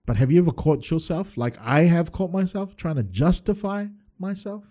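A man's voice: fairly high pitch, lively intonation, normal speed, mellow. A man preaching a sermon as a pastor, earnest and emphatic, often restarting his phrases.

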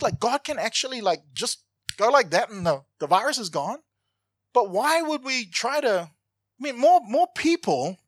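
A man preaching a sermon, animated and joking, swinging from loud to hushed. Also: high-pitched, no echo. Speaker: pastor.

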